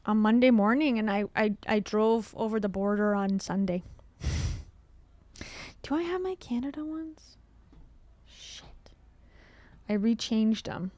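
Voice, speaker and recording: A woman riffing through a livestream in a chatty, sarcastic, meandering way. Her voice sits a little high for a woman. The sound is close and dry, with no room to it. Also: smooth, dry recording. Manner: chatty, rambling, laughs often, sarcastic asides. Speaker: livestream commentary host. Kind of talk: casual livestream commentary.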